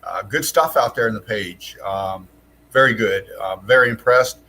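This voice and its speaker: A man co-hosting a casual online chat who speaks in a laid-back drawl, relaxed but firm when he sets out the forum rules. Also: on the low side, moderate pace, slight background noise. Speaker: co-host and forum moderator.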